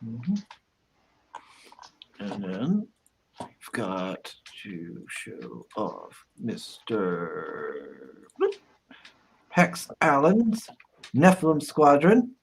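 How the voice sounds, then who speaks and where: A man's voice: on the low side, huge pitch swings, extremely slow, gravelly, long pauses, a little hiss or hum. A man hosting a casual livestream, chatting and reading out crowdfunding campaign updates. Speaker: host.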